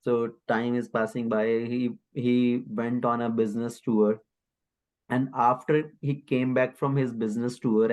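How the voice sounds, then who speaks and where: A man giving a sermon and telling an illustrative story in an explanatory, animated way. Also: mid-range voice, rough recording. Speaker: spiritual teacher.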